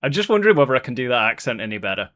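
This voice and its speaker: A man talks casually as co-host and pokes fun at his own old work. His pitch is animated and moves up and down a lot. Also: rapid-fire. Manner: self-mocking, laughing at himself. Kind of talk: casual chat.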